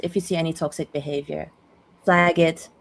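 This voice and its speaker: A woman with a hosting a casual online community call, upbeat and quick to laugh, with fillers. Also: sits low, little pitch movement, vocal fry.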